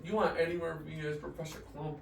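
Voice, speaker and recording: A man's voice: a little high, level tone, fast talker, vocal fry. A man co-hosting a casual podcast, trading crude, teasing jokes with his friends. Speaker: podcast co-host. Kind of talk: casual chat. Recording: roomy echo, distant mic, background noise.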